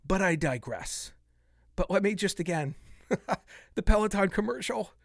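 A man's voice: high voice, lively intonation, unhurried, creaky, no room sound, clean studio sound. Passionate fifty-something male podcast host. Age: 50s. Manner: passionate, gets worked up and vents. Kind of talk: solo podcast monologue.

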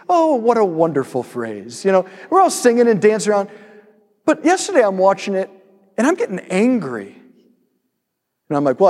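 A man preaching a sermon, telling a story in an animated way and stressing points through rhetorical repetition. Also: high-pitched. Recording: long hall reverb.

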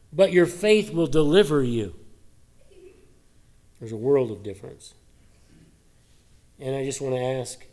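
Earnest male preacher, mid-pitched voice. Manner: earnest preaching, rising for emphasis, dropping soft for reflection. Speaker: pastor. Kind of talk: sermon.

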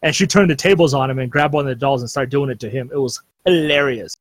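A man's voice: mid-range voice, fast, no echo. A young man chatting casually as a podcast host, recapping an anime with rambling restarts and frequent laughter.

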